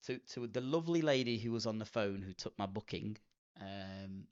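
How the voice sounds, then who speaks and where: A man's voice: fairly low pitch, lively intonation, normal speed, smooth. A man, co-hosting a casual golf podcast and telling rambling, self-mocking stories. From Manchester, England. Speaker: podcast co-host. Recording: dull lo-fi podcast audio.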